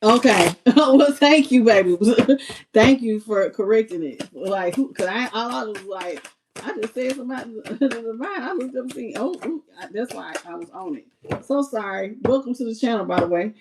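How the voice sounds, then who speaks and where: A woman reading tarot on a live stream, chatty and expressive, talking straight to her viewers. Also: a little high, brisk, background noise. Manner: chatty and expressive, talks to viewers as "y'all" and "baby". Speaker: tarot reader.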